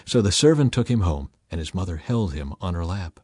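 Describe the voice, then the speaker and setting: A man narrating a scripture story in a measured, deliberate reading style. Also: deep voice, sing-song, darkish tone, husky, no room sound, studio quality.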